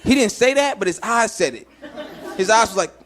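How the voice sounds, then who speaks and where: A man doing stand-up, telling a story with animated shouts and mumbled character voices. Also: sits high, brisk, over loud music. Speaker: stand-up comedian. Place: comedy club stage. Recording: live club mic with crowd laughter and noise.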